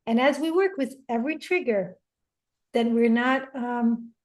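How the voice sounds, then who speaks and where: Higher-voiced woman, gentle and reflective. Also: measured pace. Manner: gentle, reflective, repeats and restarts phrases. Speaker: interview guest, parenting coach. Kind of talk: reflective interview talk.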